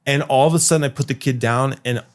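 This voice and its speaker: A man's voice: medium pitch, fast talker. Profane man telling a wild story. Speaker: podcast host. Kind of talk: casual storytelling.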